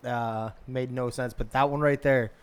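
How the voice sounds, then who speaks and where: A man's voice: medium pitch, fairly even intonation, moderate pace, smooth. A man co-hosting a podcast, chatting in a laid-back way and laughing often. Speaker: podcast co-host. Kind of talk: casual chat.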